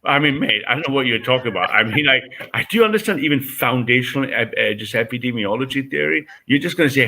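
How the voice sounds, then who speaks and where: A man's voice: medium pitch, lively intonation, fast, vocal fry, hardly any pauses, pushed and bright, a little hiss or hum, poor audio. A man hosting a reaction show, talking in a casual, profane and mocking way with frequent laughter.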